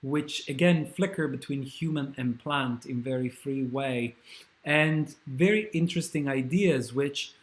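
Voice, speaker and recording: A man's voice: medium pitch, unhurried. A man giving an academic talk, enthusiastic and hesitating with fillers. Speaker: scholar and speaker.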